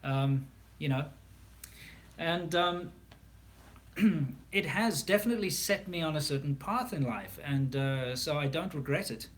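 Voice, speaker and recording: A man's voice: fairly high pitch, animated, a little slow, pauses often. A South African man hosting a casual livestream Q&A, talking candidly and rambling with frequent fillers and restarts. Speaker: livestream host.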